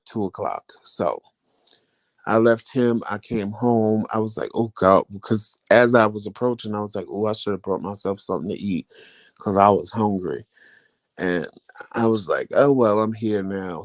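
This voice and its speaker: A man's voice: fairly low pitch, darkish tone, no room sound. A man chatting casually to his viewers, telling a story and acting out the voices of the people he quotes. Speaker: vlogger.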